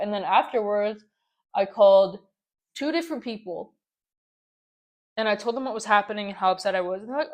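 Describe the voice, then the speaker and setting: A woman's voice: mid-range voice, a little fast, pauses often. A young woman hosting her own podcast, venting in a casual story-time ramble full of "like" and exasperated repeats. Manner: exasperated, ranting, lots of "like". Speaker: podcast host.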